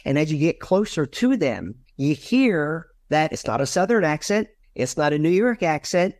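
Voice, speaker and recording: Man, from Virginia, animated, acts out dialogue, dry recording. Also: normal speed, no room sound. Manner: animated, acts out dialogue with big pitch jumps. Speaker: real estate agent, podcast guest. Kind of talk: conversational storytelling.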